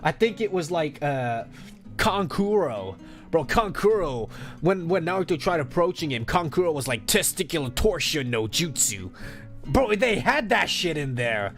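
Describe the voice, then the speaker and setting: Lively, foul-mouthed male streamer. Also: on the high side, normal speed, soft background music. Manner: crude, joking, trash-talking chat, laughing often. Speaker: VTuber streamer. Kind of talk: casual chat stream.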